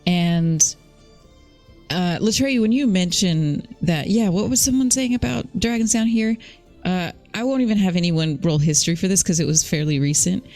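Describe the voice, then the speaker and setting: A woman's voice: fairly low pitch, normal speed, darkish tone, faint music behind. A woman narrating as game master of a tabletop game, chatty and often correcting herself mid-sentence.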